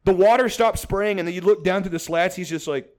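Man from Texas, podcast host, high voice, casual storytelling, rambling, profane, laughs a lot. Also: fairly quick. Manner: rambling, profane, laughs often, many restarts.

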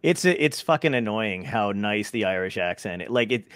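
A man's voice: lowish voice, normal speed. A man hosting a casual podcast, joking, swearing freely and stumbling over his words. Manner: animated, swears, jokey, stammers. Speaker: podcast host. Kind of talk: casual chat.

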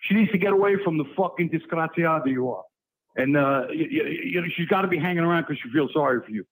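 Angry caller from New York, high male voice, profane and stammering. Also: fast, low-quality recording. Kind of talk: profane insult exchange.

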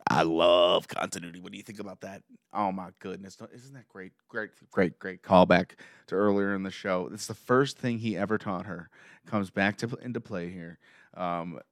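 A man excitedly recapping a show episode scene by scene, gushing like a fan. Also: low voice, moderate pace, no echo, clean studio sound.

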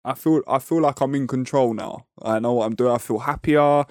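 A man's voice: medium pitch, brisk, darkish tone, no room sound, studio quality. A man co-hosting a casual podcast, talking in a laid-back, slangy way. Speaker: podcast co-host.

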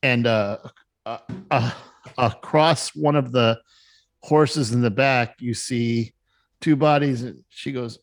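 Brief: male game master, unhurried, pauses and fillers, mid pitch. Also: steady tone. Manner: halting, many fillers. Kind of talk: narrating a tabletop game.

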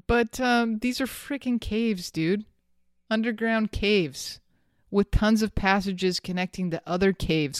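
A podcast host recounts a story in casual chat, animated and often laughing. The voice is smooth and clear, recorded dry and close. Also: medium pitch, no echo.

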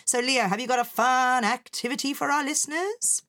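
A woman hosting a children's story podcast, chatting in a lively, encouraging, playful way with her young co-host. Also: high voice, normal speed. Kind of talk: friendly kids' podcast chat.

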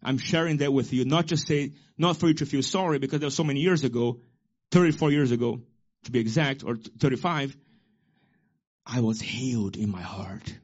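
A pastor in his forties preaching a sermon with emphasis, rising to loud peaks and dropping to quiet asides. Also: mid-range voice, moderate pace, highs cut off.

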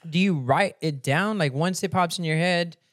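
Male podcast host with a higher voice and dry sound; jokes and swears. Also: moderate pace, fairly bright tone, dry recording. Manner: joking, profane, asks short questions. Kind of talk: casual podcast interview.

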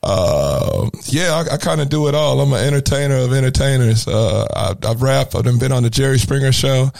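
A young man from Illinois with a gravelly, fry-edged voice at a middle pitch. He is a rapper guest telling stories in a slangy, animated way and acting out the lines of others. He speaks loosely and casually. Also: normal speed. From Granite City, Illinois, USA. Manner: animated, slangy, acts out quotes. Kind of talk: casual storytelling interview.

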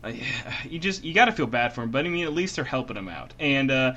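A man's voice: mid-range voice, expressive, quick pace, pushed and bright, lo-fi sound. A man co-hosting a podcast in casual chat, riffing with jokey, exaggerated bits. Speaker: podcast co-host.

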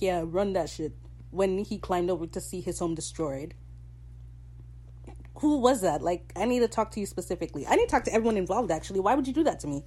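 Woman with a mellow voice, excitable recap. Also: fairly low pitch, a little fast, breathy edge. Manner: animated, gushing and swearing, with sudden excited outbursts. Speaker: podcast host. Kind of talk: casual episode recap.

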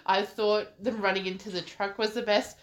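A woman's voice: mid-range voice, fairly even intonation, moderate pace. A woman co-hosting a podcast, chatting casually, teasing her co-host and swearing while they watch a movie. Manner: laughing, teasing, swears freely.

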